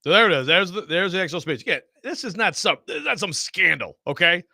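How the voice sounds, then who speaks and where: A man hosting a sports talk radio show, chatty and quick to jump in, steering the conversation. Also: sits high, expressive, vocal fry, bright, forceful tone, no echo, clean studio sound. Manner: chatty, interrupts, runs the show.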